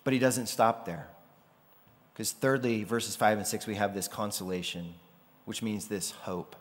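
A man preaching a sermon in a loose, conversational way, sometimes acting out the people he quotes. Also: on the low side. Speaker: pastor. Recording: long hall reverb.

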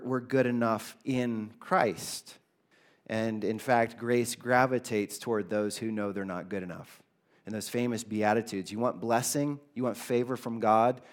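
A man preaching a sermon as pastor, earnest, with his voice rising for emphasis and dropping low for quoted lines.

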